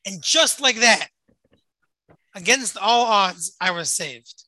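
Storyteller: very bright, sharp tone, dramatic delivery with repeated phrases, close and dry. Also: mid-range voice, expressive, takes it slowly, pauses often, no echo, poor audio. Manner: dramatic, repeats phrases for emphasis, rises and hushes. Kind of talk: emotional retold story.

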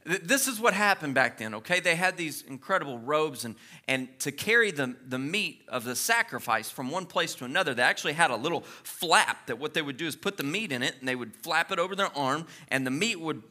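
A man in his thirties preaching a sermon as pastor, animated and joking with quick asides. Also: a little high.

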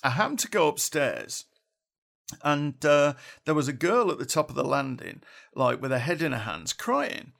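A man's voice: fairly high pitch, animated, moderate pace, gravelly, a bit bright. A middle-aged man spins a loose, rambling tale from his past in a slightly raised voice. He chuckles as he goes and peppers the telling with salty slang and casual asides. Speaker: podcast storyteller. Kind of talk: casual spoken storytelling.

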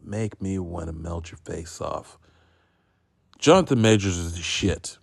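Deep-voiced rambling podcast man. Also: a little slow, gravelly, husky, no echo, studio quality. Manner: rambling, profane, self-mocking. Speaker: podcast host reviewing films. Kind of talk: casual solo film review.

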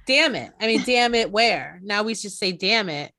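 A woman's voice: medium pitch, moderate pace. A woman co-hosting a podcast in casual chat, swearing freely and acting out quoted lines. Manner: profane, animated, acts out quoted lines. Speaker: podcast co-host.

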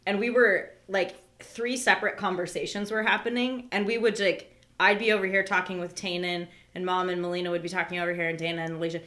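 A woman co-hosting a podcast, telling an anecdote in a relaxed, chatty way with lots of fillers. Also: fairly low pitch, fast talker. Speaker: podcast co-host. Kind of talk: casual chat.

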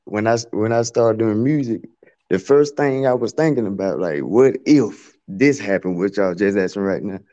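Deep laid-back male producer, muffled. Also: expressive, normal speed, mellow. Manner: laid-back, slangy, loose. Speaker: guest music producer. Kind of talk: casual interview talk.

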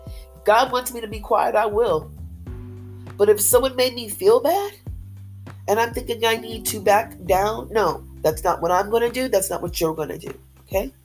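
An upbeat woman delivering a faith-based motivational talk with lots of pep in her voice. She leans on repeated phrases to drive her points home, and soft music plays faintly behind her. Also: medium pitch, poor audio. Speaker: motivational speaker.

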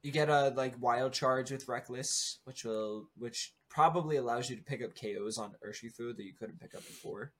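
A man co-hosting a podcast, talking in a relaxed, rambling way with many fillers. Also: medium pitch, moderate pace, few pauses. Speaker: podcast co-host. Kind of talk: casual chat about competitive game strategy.

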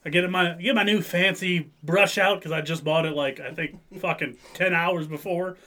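Young male co-host, high voice, swears constantly, rowdy storyteller. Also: fairly even intonation, normal speed. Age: 20s. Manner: profane, rowdy storytelling with loud acted-out quotes. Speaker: podcast co-host. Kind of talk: casual storytelling chat.

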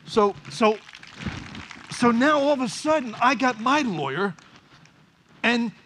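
A middle-aged man, a pastor, preaching a sermon and telling stories with lively acted-out dialogue. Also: very high voice, slow, a little hiss or hum. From United States. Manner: animated storyteller, acts out quoted dialogue. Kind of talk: sermon storytelling.

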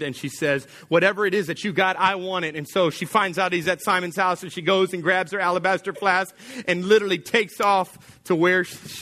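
A pastor delivers a sermon in a high-pitched voice, telling a story with animated energy and performing the voices of its characters.

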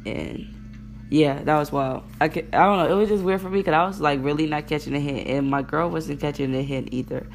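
A woman's voice: deep voice, a little fast, gravelly, a little hiss or hum. A young woman hosting a casual podcast, rambling through a story with heavy slang and swearing while she acts out what people said. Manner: rambling, profane and slangy, acting out quotes. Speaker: podcast host.

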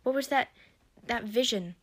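A woman's voice: a little high, normal speed, slightly rough. A woman reading aloud, voicing an anxious young male dragon who sounds bewildered and worried. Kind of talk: storybook reading.

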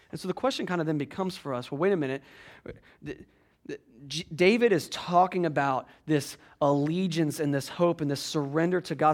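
A pastor preaching a sermon in a conversational way, often checking in with "right?" and swinging from quiet, measured phrases to raised, driving passages. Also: male voice, a little high.

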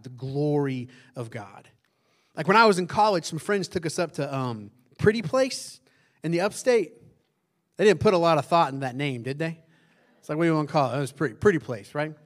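A male pastor, preaching in a loud, conversational way that keeps asking the congregation questions and drops into hushed tones for emphasis. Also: on the high side. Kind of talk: conversational sermon.

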